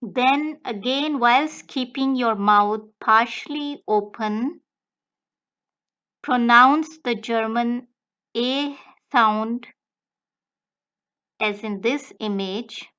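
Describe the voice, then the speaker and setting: A woman language tutor giving a slow, deliberate step-by-step explanation of pronunciation. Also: fairly high pitch, a bit bright, clean tone, lo-fi sound. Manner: slow, deliberate, breaks words into careful phrases.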